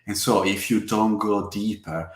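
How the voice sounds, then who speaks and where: A man from the Mediterranean region, a guest in a casual interview, speaking earnestly in halting, non-native phrasing. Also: on the low side, steady tone. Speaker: guest, tarot deck creator. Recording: echoey room.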